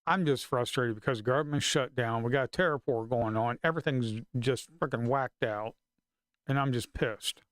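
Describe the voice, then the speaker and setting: A man's voice: mid-range voice, moderate pace, few pauses, a bit bright, no echo, studio quality. A man live-streaming his futures trading, talking to himself in a casual, frustrated way and swearing under his breath.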